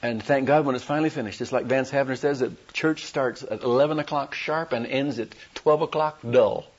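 A man preaching a sermon as a traveling evangelist, telling animated stories with folksy humor. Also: medium pitch, brisk. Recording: dull lo-fi recording.

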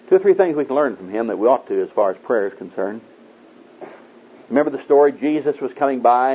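A man preaching a sermon in a folksy storytelling way, acting out the people in his stories. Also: husky. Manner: folksy storytelling, acting out voices in raised pitch. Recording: tinny phone-like old tape.

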